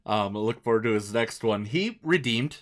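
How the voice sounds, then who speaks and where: A man's voice: on the low side, expressive, normal speed. Chatty, upbeat male podcast host. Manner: upbeat, chatty, prone to restarts. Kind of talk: casual chat. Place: home studio room.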